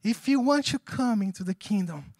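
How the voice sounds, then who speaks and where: A man with a notably high voice preaches a sermon in English, which he learned as a second language. His pastoral delivery is animated and chatty, and he keeps asking the room if they follow him. The sound is close and dry. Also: normal speed, no echo. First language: not English. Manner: animated, conversational preaching with frequent audience check-ins.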